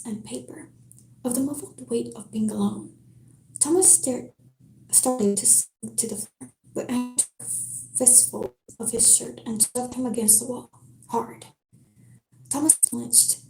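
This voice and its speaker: A woman reads a novel aloud on a live stream in a soft, careful whisper, taking her time over each line. Her voice is fairly high yet mellow. It sits in a roomy echo with a faint hiss behind it. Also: measured pace, gravelly. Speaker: live-stream book reader. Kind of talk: whispered book reading.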